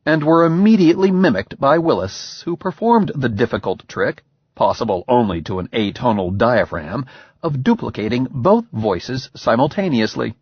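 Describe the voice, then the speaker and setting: A man narrating an audiobook in an expressive, measured way. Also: medium pitch, breathy edge, dry recording. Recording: slightly dull, dry recording.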